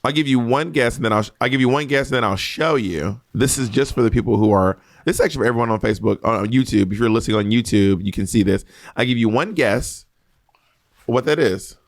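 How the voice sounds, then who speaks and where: A sassy man from Georgia, teasing his co-host in casual podcast chat. His pitch sits in the middle range, and the sound is dry and close to the mic. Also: quick pace, dry recording. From Columbus, Georgia.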